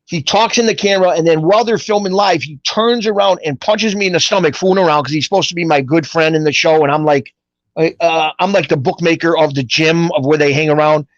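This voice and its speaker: A middle-aged man, a guest telling stories in a casual interview, rambling and animated with street-style grammar. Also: a little high, brisk, no room sound. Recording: dull, dry lo-fi audio.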